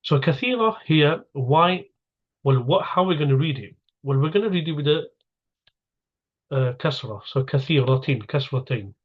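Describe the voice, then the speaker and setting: A man's voice: on the high side, lively intonation, moderate pace, muffled recording. A man teaching an Arabic grammar lesson, explaining patiently step by step and asking and answering his own questions.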